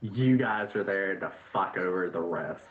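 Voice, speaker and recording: A man's voice: deep voice, a little slow, roomy sound, narrow, tinny audio. A man narrating a tabletop game as game master in a loose, chatty way, full of fillers. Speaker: dungeon master. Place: home voice chat.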